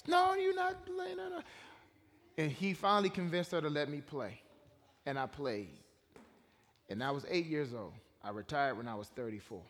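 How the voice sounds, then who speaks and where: Laid-back former football player from Washington, D.C. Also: male voice, mid-range voice, lively intonation, normal speed, fairly bright tone. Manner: laid-back, joking, sincere about faith. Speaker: former pro football player, interview guest. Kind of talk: relaxed storytelling interview. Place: church stage before a congregation. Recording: long reverb of a large church hall.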